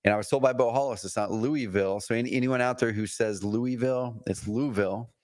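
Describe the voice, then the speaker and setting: A man co-hosting a marketing show, relaxed and laid-back in casual chat, calling people "dude" and "man.". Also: medium pitch, quick pace, no echo, clean studio sound. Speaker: co-host and business coach.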